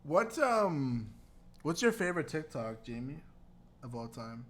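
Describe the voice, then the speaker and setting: A man's voice: fairly high pitch, big pitch swings, unhurried. A man co-hosting a casual podcast chat, rambling and joking with frequent laughter, talking into a computer mic. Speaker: podcast co-host. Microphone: computer mic with webcam.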